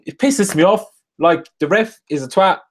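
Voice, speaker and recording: A young man live-streaming a rant after a football match, angry and swearing, jumping from loud outbursts to low muttering into a desk microphone. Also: moderate pace, a little hiss or hum. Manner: angry, swearing, swings between shouting bursts and low muttering.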